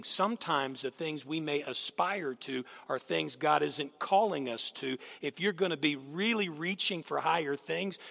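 A man with a mid-range, gravelly, pushed and bright voice preaches as a guest speaker in a church sanctuary. He tells stories animatedly and puts questions to the congregation, and the recording has a long hall reverb.

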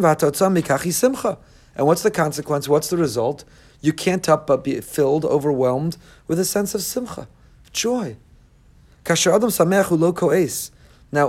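A man preaching a sermon, animated, breaking into loud, high bursts when he acts out what people say. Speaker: rabbi.

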